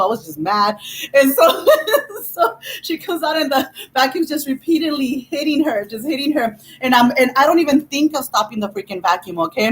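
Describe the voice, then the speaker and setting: A woman's voice: a little high, a bit bright, low-quality recording. A woman vlogger telling a childhood story in a chatty, laughing way, full of "you know". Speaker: vlogger host. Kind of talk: casual storytelling while eating.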